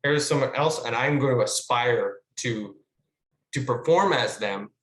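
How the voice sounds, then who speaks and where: A man, a guest actor, chatting casually about his craft in an animated, rambling way with plenty of fillers and the odd swear word, over a video call. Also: mid-range voice, measured pace, reverberant. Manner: animated, rambling storyteller with filler words and profanity. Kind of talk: casual conversational teaching.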